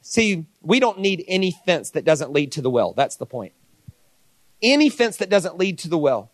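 A man preaching a sermon, telling stories with lively dialogue and playful asides. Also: on the high side, normal speed, no echo. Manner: animated storytelling with mock voices. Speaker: pastor.

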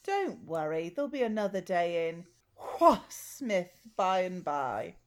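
A woman's voice: high voice, sing-song, normal speed, darkish tone. A woman playing a snobbish, condescending posh woman in a comedy sketch, with a plummy, affected delivery. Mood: smug.

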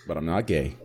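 A man's voice: deep voice, sharp tone, slightly rough. A man hosting a casual group podcast, joking crudely and peppering his talk with "dude" and "listen". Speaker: podcast host.

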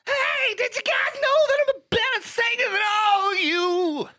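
A man putting on a flamboyant, boastful male rock singer, shouting in a high voice for a comedy improv bit. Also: lively intonation, a little slow, exaggerated voice.

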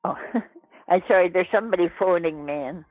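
A man's voice: high voice, brisk, no room sound. A man on the phone, polite but growing exasperated. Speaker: caller on the phone. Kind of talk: phone call. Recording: tinny phone line.

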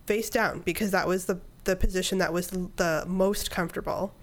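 A woman's voice: lowish voice, fairly even intonation, a little fast. A woman in her thirties, a podcast guest, telling a personal story in casual conversation and acting out her own inner dialogue.

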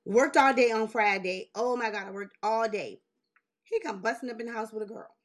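A woman in her forties telling a long story in casual chat, animated and swearing, laughing as she goes and jumping high when she quotes people. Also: normal speed. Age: 40s. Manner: jumps high in pitch when quoting people. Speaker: podcast host.

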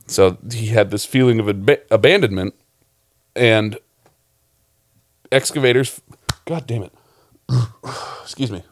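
A man's voice: on the low side, unhurried, long pauses, no room sound, studio quality. A man who directed a short film, chatting loosely about it on a podcast, rambling and swearing often. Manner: rambling, profane, laughs often. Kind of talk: casual podcast chat.

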